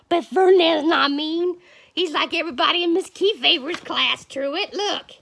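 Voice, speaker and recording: A school coach, a woman, reading a picture book aloud to young children, animated and calling on them by name. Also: very high-pitched, moderate pace, gravelly. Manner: animated, calls children by name, playful asides.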